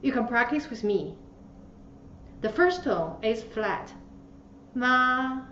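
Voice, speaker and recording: Woman language teacher, slow and patient, dull roomy recording with faint hiss. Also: a little high, big pitch swings, distant mic. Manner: patient, demonstrates tones with exaggerated syllables. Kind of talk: slow instructional lesson.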